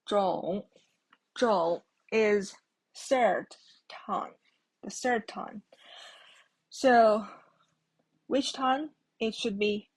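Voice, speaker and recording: Woman, language teacher, very slow and patient, slightly husky voice, repeats every word. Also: medium pitch. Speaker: Mandarin teacher. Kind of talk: slow explanatory language lesson.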